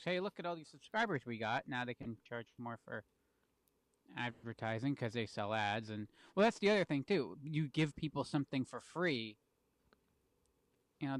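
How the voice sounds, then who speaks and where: A man's voice: mid-range voice, animated, moderate pace, no echo. A man co-hosting a casual podcast, laid-back and wry, stumbling over his words. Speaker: podcast co-host. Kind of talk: casual chat.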